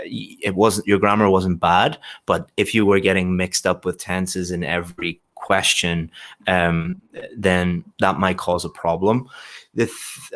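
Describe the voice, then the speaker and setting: A deep-voiced man with a slightly bright tone tutors a student one-on-one for an English exam. He gives feedback patiently, explains step by step, and often restarts his sentences.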